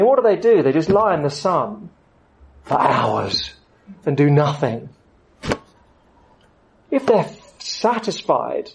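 A man preaching a sermon, with lively storytelling and rising emphasis. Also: on the high side, creaky, low-quality recording.

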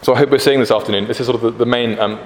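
A man's voice: mid-range voice, steady tone, racing. A British man preaching a sermon in a conversational way, with frequent fillers and restarts. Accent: British English. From Britain. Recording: echoey hall, faint background noise.

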